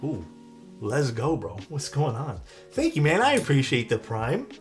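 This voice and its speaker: A man's voice: medium pitch, measured pace. Laid-back Canadian man streaming live. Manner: relaxed, chatty, answers chat questions. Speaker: streamer building a keyboard. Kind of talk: casual live-stream chat. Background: faint music.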